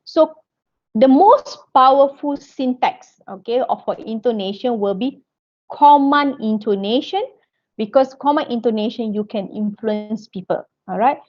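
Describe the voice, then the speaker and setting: A woman's voice: on the high side, unhurried, darkish tone. A woman giving an online lecture, checking in with "okay" and "all right" all the time and often restarting her sentences. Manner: non-native phrasing, frequent restarts. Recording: dull lo-fi audio.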